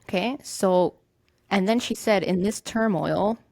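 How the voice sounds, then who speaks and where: A woman's voice: medium pitch, a little slow, gravelly, darkish tone, no room sound. A young woman hosting a podcast, telling a true-crime story in a loose, conversational way and swearing casually. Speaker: podcast host.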